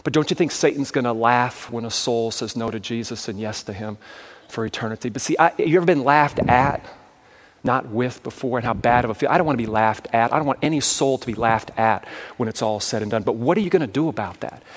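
A man's voice: medium pitch, fairly quick. A man giving a sermon-style talk as a traveling evangelist, telling stories and often asking the crowd if they follow. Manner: storytelling with frequent asides and checks to the crowd.

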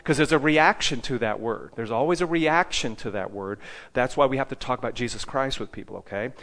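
A teacher of evangelism preaches to a live group in a brisk, mid-range, slightly bright voice. After nearly every point he checks in with listeners, adding "okay?" and tossing questions back at them.

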